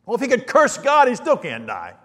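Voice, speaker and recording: A man preaching a storytelling sermon, dropping to hushed asides and then building to loud, emphatic lines. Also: very high voice, huge pitch swings, fairly quick. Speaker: pastor. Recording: long reverb of a large hall.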